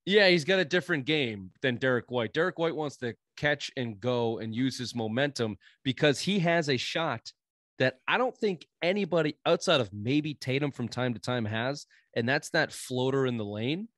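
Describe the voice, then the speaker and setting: Casting note: New England man, mid-pitch, dry close mic, loose and profane sports-podcast co-host. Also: expressive, moderate pace, fairly bright tone, dry recording. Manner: rambling, profane, frequent fillers. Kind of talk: casual sports chat.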